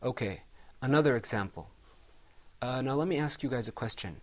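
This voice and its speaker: A man teaching a recitation class, asking students questions, praising their answers and modeling pronunciation slowly for them to repeat. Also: mid-range voice, expressive. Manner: patient, encouraging, models pronunciation slowly for repetition. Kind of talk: classroom tajweed lesson.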